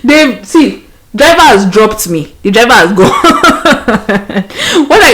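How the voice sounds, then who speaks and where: A woman's voice: on the high side, very animated, takes it slowly, a bit bright. A young Nigerian woman hosting a podcast, telling a story casually and animatedly, laughing often and mixing in pidgin. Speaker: podcast host.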